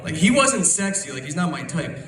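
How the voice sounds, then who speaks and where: Young male stand-up, rambling crowd work, a bit high-pitched, roomy live club sound. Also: sing-song, brisk, very noisy. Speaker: stand-up comedian. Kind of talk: stand-up comedy set. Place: comedy club stage. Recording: roomy club, crowd laughter, distant capture.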